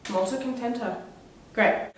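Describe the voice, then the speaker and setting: A woman's voice: fairly high pitch, moderate pace, noisy background. Sick, sarcastic woman in an echoey room. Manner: sarcastic and dramatic, rambling. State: sick with a cold, coughing. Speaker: vlogger. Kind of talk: casual vlog monologue. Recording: very echoey room, mic far off.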